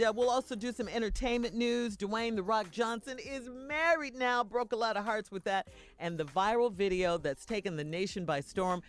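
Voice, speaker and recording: A woman co-hosting a radio morning show, announcing what is coming up with lots of laughter. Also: medium pitch. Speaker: radio co-host.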